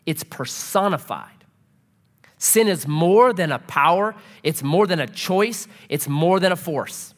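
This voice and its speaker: A man preaching a sermon as a pastor, telling stories with lively energy. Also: on the high side. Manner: animated storytelling preacher. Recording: reverberant hall.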